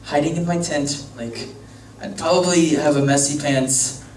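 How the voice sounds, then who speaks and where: A man's voice: fairly high pitch, steady tone, measured pace. A young man, a youth pastor, telling a story to a youth group in a casual, joking, rambling way. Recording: echoey room from far off, faint hum.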